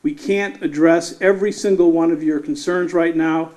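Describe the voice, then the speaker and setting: A man serving as city mayor, giving measured formal remarks at a town hall and acknowledging officials in the room. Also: a little high, fairly even intonation, darkish tone.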